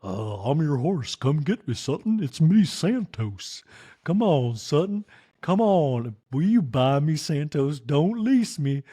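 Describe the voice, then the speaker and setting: Picture a man putting on a flirty, pushy male horse who won't stop begging to be bought. The voice sits a touch above his usual pitch and comes out loud and insistent. It has a husky grain and a coaxing, wheedling lilt. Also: big pitch swings, takes it slowly, exaggerated voice. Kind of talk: comedic impression in a podcast recap.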